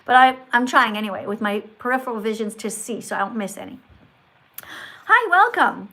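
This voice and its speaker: A woman's voice: fairly high pitch, expressive, brisk, sharp tone. A woman hosting a live stream in a schoolteacher tone, correcting and praising viewers with emphatic delivery. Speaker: livestream host.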